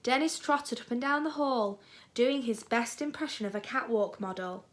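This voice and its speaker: A woman teacher reading a children's book aloud, gentle and expressive. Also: a little high, moderate pace. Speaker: primary school teacher.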